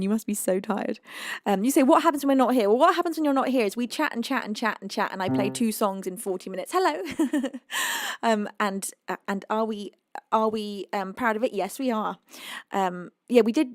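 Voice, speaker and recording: A woman's voice: on the high side, dry recording, clean studio sound. A British woman hosting a live music stream, chatting casually with viewers, reading their messages aloud and exclaiming often. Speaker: livestream music host. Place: home.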